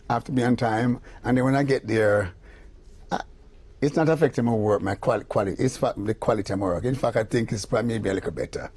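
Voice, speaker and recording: An older music producer with a Jamaican accent, telling animated anecdotes in an interview and acting out the voices of the people in them. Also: male voice, mid-range voice, gravelly, breathy edge. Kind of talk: storytelling interview.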